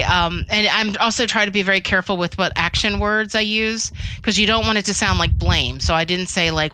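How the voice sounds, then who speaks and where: Bright-voiced woman telling work stories. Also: on the low side, fairly even intonation, moderate pace, hardly any pauses, a little hiss or hum, rough recording. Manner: chatty, frequent fillers and restarts, laughs between points. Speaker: cybersecurity expert guest. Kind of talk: casual interview storytelling.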